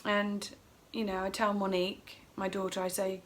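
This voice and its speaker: A woman's voice: mid-range voice, monotone, normal speed. A middle-aged woman at home, telling a personal story in a casual, emotional, rambling way and acting out her own quotes. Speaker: vlogger.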